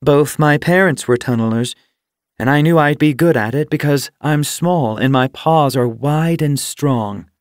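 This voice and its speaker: A man's voice: on the high side, a little slow, no echo, studio quality, voice pushed up, lightly acted. Man voicing a cheerful little she-cat. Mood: warm. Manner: cheerful, encouraging. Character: small friendly female tunneler cat. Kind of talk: audiobook character voice.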